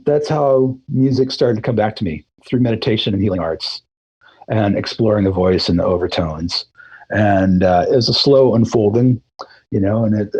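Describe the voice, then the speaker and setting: A middle-aged man with a low, husky voice relaxes into an interview, rambling easily and circling back with fillers and restarts. He's a guest musician, a throat singer, reflecting on his path, and the audio quality is poor.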